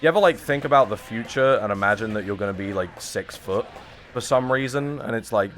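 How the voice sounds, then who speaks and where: A man's voice: medium pitch, fairly quick, fairly bright tone. A man in his twenties streaming a fighting game, chatting casually and joking at his own expense with his viewers. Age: 20s. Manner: rambling, jokey and self-mocking, talking to chat.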